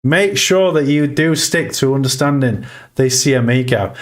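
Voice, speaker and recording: Guy streaming crypto, chatty and hyped, shouting out viewers then back to charts. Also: medium pitch, moderate pace, a little hiss or hum. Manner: excitable, swings between chart talk and shout-outs to chat. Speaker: crypto livestream host. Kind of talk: casual livestream chat.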